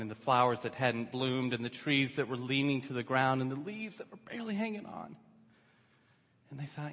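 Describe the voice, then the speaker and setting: A high, bright-voiced male pastor telling a story in a sermon, with a husky edge to his voice. He swings from hushed narration to rousing shouts. His voice carries through a reverberant church hall. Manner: animated storyteller building to shouts. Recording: echoey hall.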